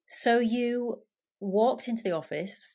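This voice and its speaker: A woman podcast host who reflects on what her guest says and asks warm follow-up questions. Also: fairly high pitch, takes it slowly, creaky. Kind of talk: interview conversation.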